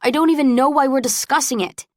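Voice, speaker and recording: A woman voicing a wary young college woman who defends herself quickly in an audiobook. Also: high-pitched, no echo, clean studio sound, voice pushed up, natural voice. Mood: defensive.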